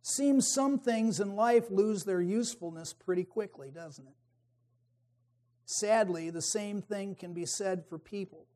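A man preaching a sermon, emphatic, swinging between forceful peaks and quiet, wry asides. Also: sits high, a little slow.

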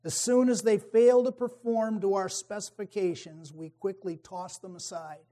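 A man preaching a sermon, emphatic, swinging between forceful peaks and quiet, wry asides. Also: high-pitched, steady tone, moderate pace.

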